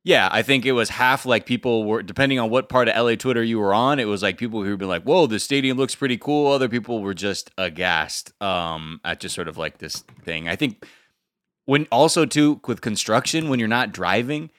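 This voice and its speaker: A man's voice: on the low side, brisk, a bit bright, dry recording, clean studio sound. A man co-hosting a podcast, chatting casually, rambling with lots of "like" and swearing freely. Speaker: podcast co-host. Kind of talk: casual chat.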